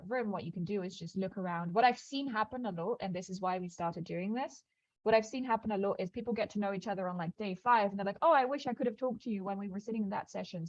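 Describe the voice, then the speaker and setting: A woman of middling pitch hosts an onboarding video call, talking in a chatty, informal way full of "um"s and restarts. Her voice is close and dry. The call audio is a little dull. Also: no room sound. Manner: chatty, many fillers and restarts. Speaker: program host.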